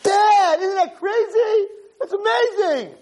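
A man voicing an excitable young boy who boasts cheerfully and shouts with delight about his baseball game. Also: sits high, brisk, creaky, slightly rough, pitched above the performer's own voice, full character voice. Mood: excited.

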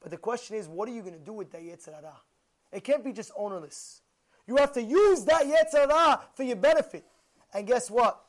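Rabbi, male, very high voice, animated sermon storyteller, keeps quizzing the audience. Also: a little fast.

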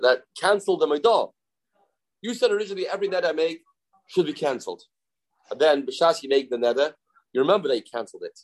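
A man's voice: fairly high pitch, animated, a little mellow, low-quality recording. A man teaching a Talmud study class, explaining in English with Hebrew and Aramaic terms and acting out the speakers he quotes. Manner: halting, self-correcting delivery.

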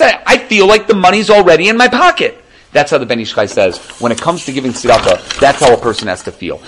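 A man giving a casual Torah class, animated and conversational, often checking in with the listener. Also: high-pitched, low-quality recording. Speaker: Torah teacher.

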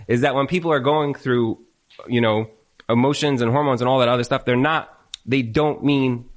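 A man giving marriage advice to a live audience on a handheld mic, emphatic and repetitive, full of rhetorical questions. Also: medium pitch. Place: event room with an audience.

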